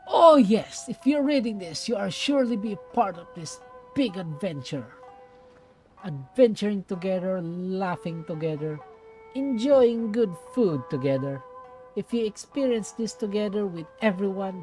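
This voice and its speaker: A woman's voice: mid-range voice, expressive, unhurried, darkish tone, faint music behind. A young woman streamer reading a story aloud with playful, self-mocking asides.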